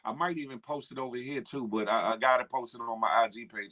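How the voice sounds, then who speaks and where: In a brisk, sharp-toned voice of medium pitch, a man chats casually through his morning live stream. Slang flows freely as he says hello to viewers by name and riffs on the latest internet gossip.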